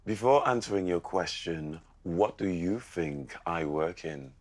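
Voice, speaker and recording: Slow, low-voiced teasing man. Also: expressive, darkish tone. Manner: teasing, playful. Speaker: dinner party guest and host. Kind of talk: casual chat at a dinner table.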